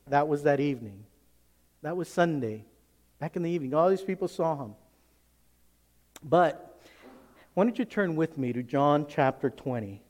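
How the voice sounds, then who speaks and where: A man preaching a sermon as pastor, emphatic, moving between hushed asides and loud, excited passages. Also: a little high. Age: adult, teenage years long past.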